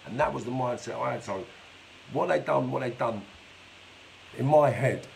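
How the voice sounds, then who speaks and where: A man's voice: medium pitch, moderate pace, creaky, slight background noise, rough recording. A man telling his life story on a live stream in a blunt, streetwise way, swearing constantly. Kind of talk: casual storytelling monologue. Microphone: phone or webcam for a live stream.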